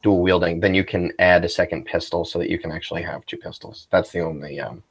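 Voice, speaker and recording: A man's voice: deep voice, fairly even intonation, fast, slightly rough. A man narrating as game master of a tabletop role-playing game, rambling and descriptive. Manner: rambling, full of fillers and restarts.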